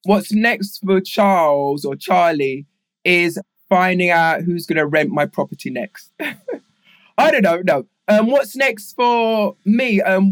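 A man's voice: a little high, no room sound. A middle-aged man with a London accent, telling long rambling stories about his life in a casual interview, full of fillers. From England. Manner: rambling, animated storyteller with many fillers. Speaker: guest.

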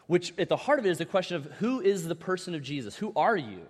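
High-voiced man preaching in a reverberant hall. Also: fast talker. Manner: conversational preaching with animated asides and repeated words. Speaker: pastor. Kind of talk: sermon. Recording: long reverb of a large hall.

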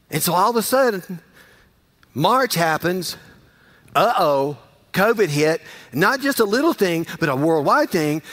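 A pastor preaching in a high, light-toned voice. He is folksy and conversational, circling back on his own phrases to drive each point home. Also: a bit bright. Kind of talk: sermon.

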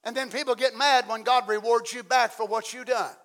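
A middle-aged man preaching a fiery sermon as pastor, swinging from hushed asides to loud shouting. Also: very high voice, fairly even intonation, a little fast.

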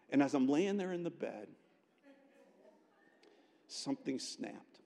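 A man preaching a chapel sermon, telling a personal story in an animated way with frequent restarts. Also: medium pitch, takes it slowly, gravelly, long pauses. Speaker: pastor, guest chapel speaker. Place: college chapel. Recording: long chapel reverb.

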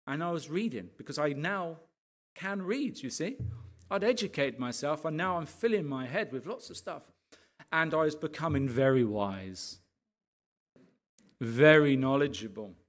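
Animated pastor telling his testimony. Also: on the high side, moderate pace. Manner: animated storytelling, rising to impassioned rants with frequent asides to the audience. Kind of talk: sermon testimony.

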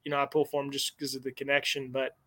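A man's voice: medium pitch, completely flat delivery, fast, pushed and bright, dry recording. A man, a former player guesting on a sports podcast, speaking hesitantly. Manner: hesitant, lots of fillers and restarts. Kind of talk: casual sports podcast chat.

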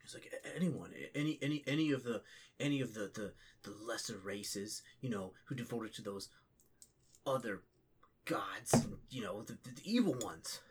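A man's voice: lowish voice, expressive, normal speed, a little hiss or hum. Rambling game master man. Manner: rambling, full of fillers and restarts. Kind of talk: narrating a tabletop game.

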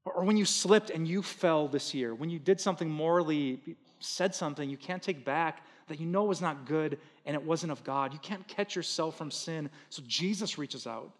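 A man pastor preaching a sermon in earnest, swinging between loud emphatic bursts and hushed soft lines. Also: a little high, moderate pace, hardly any pauses, long reverb tail.

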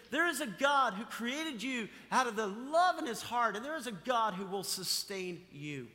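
Man, pastor, sermon, emphatic, repeats phrases, high-pitched, church hall reverb. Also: very animated, moderate pace, hardly any pauses, pushed and bright. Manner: emphatic, repeats key phrases, asks the congregation questions. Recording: long reverb of a large hall.

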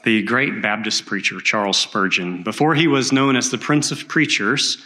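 A man preaching a sermon as pastor of a church, earnest and measured as he tells a story. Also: fairly low pitch, sharp tone.

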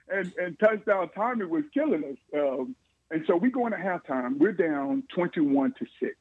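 A man, a former football player telling animated stories in an interview, chuckling often. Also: high-pitched, a little slow, slightly rough, dry recording. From Georgia, USA. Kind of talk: storytelling interview. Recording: phone-like line, dry.

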